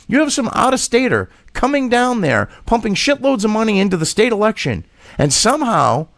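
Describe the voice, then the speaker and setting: A man rants through sarcastic, profane commentary, reading an article aloud and picking it apart. His pitch swings widely and sits a little high for a man. The recording is dry and close. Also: dry recording. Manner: reads an article aloud and rebuts it. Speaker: political commentator. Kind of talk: ranting commentary vlog.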